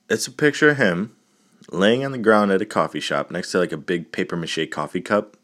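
A man's voice: deep voice, moderate pace, a bit bright. A man hosting a solo podcast, talking casually with crude jokes and frequent laughs. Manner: crude, joking, laughs often. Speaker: podcast host.

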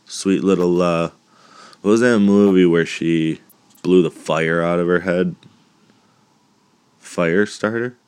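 A man with a very low voice hosts a casual podcast, rambling through a movie recap with profane asides. He takes his time, drawing out his words. The sound is close and dry, with no room echo. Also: steady tone, takes it slowly, pauses often, darkish tone, clear, resonant tone. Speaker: podcast host.

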